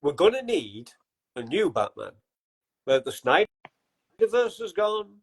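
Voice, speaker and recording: A man's voice: on the high side, sing-song, takes it slowly, husky, low-quality recording. A man hosting a podcast in casual chat, with wry, sarcastic asides and frequent swearing. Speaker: podcast host.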